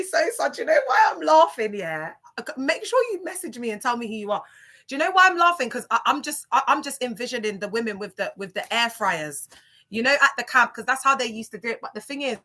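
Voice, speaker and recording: A woman chatting casually on a livestream, animated and chatty, reacting to viewer comments. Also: on the high side.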